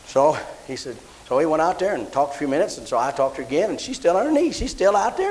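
A man's voice: on the high side, very animated, quick pace, hardly any pauses, a little mellow, poor audio. A man preaching as a pastor, telling a story in a folksy way that repeats and restarts phrases. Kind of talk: sermon storytelling.

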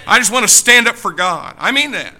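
A male pastor preaching a fiery sermon, emphatic, swinging between shouted passages and hushed ones. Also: high voice, animated, brisk, soft background music.

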